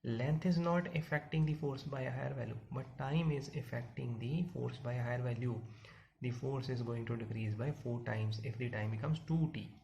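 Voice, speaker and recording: Gravelly-voiced man teaching physics. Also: mid-range voice, moderate pace, a little mellow. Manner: explains step by step, repeats points, asks the class questions. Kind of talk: classroom lecture. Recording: dull lo-fi audio with faint hiss.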